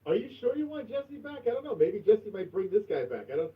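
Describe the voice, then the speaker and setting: A man hosting a livestream in casual chat, crude and profane, going from mumbling to loud outbursts. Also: high-pitched, very animated, fast talker, recorded from a distance. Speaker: livestream host. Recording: tinny phone-like sound from off mic.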